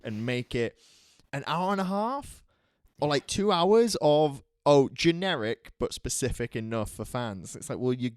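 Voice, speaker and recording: A man's voice: mid-range voice, expressive, unhurried, dry recording, studio quality. A man co-hosting a casual podcast chat from his room at home, rambling with restarts and frequent giggles. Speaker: podcast co-host. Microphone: home microphone.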